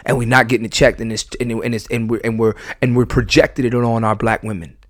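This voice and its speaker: A man hosting a podcast, talking candidly and emphatically, repeating and restarting his phrases and swinging between loud bursts and low, quiet asides. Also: steady tone, a little fast, dry recording, clean studio sound. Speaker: podcast host.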